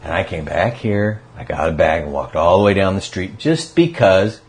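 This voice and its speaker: A man with a very low, deep voice tells stories in an easy, casual way. He acts out the quotes with feeling, and he talks like a guest on a relaxed podcast. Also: moderate pace, slight background noise. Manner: animated storyteller acting out quotes. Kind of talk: casual recovery talk.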